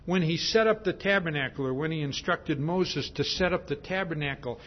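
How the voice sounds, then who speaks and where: A man's voice: fairly high pitch, brisk. A male preacher giving a sermon, emphatic and repetitive, stressing his points with a repeated "see?". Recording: dull lo-fi sermon recording.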